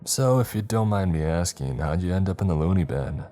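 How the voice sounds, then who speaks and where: A man's voice: low-pitched, animated, fairly quick, warm tone, soft background music. A man voicing a cocky young patient in his late twenties who mocks and huffs. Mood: mocking. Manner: mocking, huffy.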